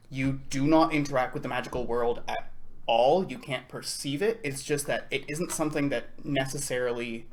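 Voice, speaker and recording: A man who runs a tabletop game, telling stories in a relaxed, playful chat. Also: medium pitch, a little hiss or hum. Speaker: game master. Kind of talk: casual podcast chat.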